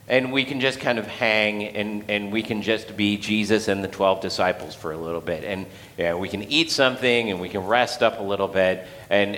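Pastor guy chatting through a sermon, bright forceful voice, long church echo. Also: on the low side. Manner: conversational storytelling with acted quotes and laughs. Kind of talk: casual sermon.

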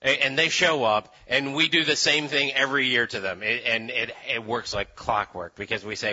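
Joking male preacher, very bright voice, kinda dull lo-fi recording. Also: medium pitch, moderate pace, few pauses. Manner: animated, joking, acts out voices. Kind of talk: conversational sermon. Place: room with live audience.

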